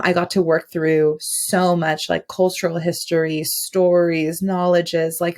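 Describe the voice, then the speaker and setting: A woman guest on a podcast, telling a personal story in a rambling, casual way, full of fillers and restarts. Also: fairly low pitch.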